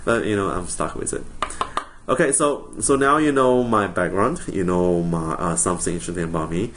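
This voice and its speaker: Young man, low voice, friendly joking teacher recording a course intro, faint background hiss. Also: moderate pace, fairly bright tone. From China. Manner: friendly, jokey, frequent ums and self-corrections. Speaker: college instructor.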